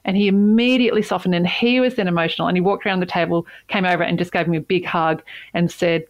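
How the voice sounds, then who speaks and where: A woman with a somewhat low voice tells a personal story in an interview with earnest emphasis. She doubles back on words to stress her point. The sound is dry and close. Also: steady tone, fast talker, dry recording, dull audio. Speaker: CEO, interview guest.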